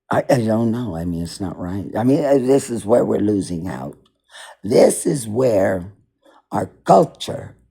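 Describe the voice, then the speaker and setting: Man, dark and husky, rambling indignant political monologue, repeats himself. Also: medium pitch. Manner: rambling and repetitive, circles back to the same points. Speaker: political commentator. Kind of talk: unscripted monologue.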